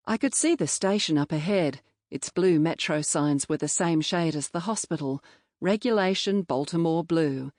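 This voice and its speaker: Low-voiced woman narrating a novel. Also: darkish tone, dry recording, studio quality. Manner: measured, reflective storytelling. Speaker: audiobook narrator. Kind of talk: scripted first-person novel narration. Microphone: close studio mic.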